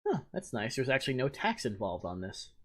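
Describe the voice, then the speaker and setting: A man co-hosting a podcast, chatting casually with relaxed, profane banter. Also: medium pitch, a little fast. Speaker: podcast co-host. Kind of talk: casual chat.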